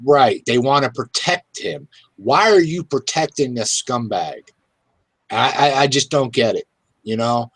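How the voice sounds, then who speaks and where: A man hosting a talk show, speaking in an irritated, halting way with many fillers. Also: medium pitch, expressive, fairly bright tone, husky, no echo. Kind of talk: casual political talk.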